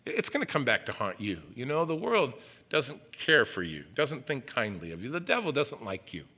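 Male pastor, animated sermon, bright tense tone, acts out quotes. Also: mid-range voice, moderate pace, slightly rough. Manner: animated preaching with asides and acted-out quotes.

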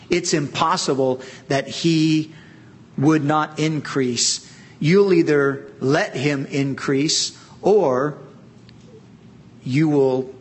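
A middle-aged man preaching a sermon, earnest and emphatic, drawing out key words with long pauses. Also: a little high, breathy edge. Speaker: pastor.

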